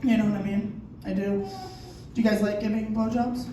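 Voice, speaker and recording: A woman in her thirties doing a crude, animated stand-up comedy set on a comedy theater stage, acting out scenes in shouted voices. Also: mid-range voice, normal speed. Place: comedy theater stage before a laughing audience. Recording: distant, echoey club recording with audience noise.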